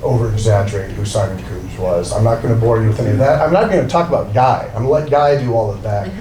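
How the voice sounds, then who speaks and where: A man's voice: on the low side, quick pace. A man, an art dealer, introducing a speaker at an event, rambling, joking at his own expense and getting emotional. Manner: rambling, self-deprecating, emotional. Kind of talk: live introduction speech. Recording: roomy, distant from mic, with noise.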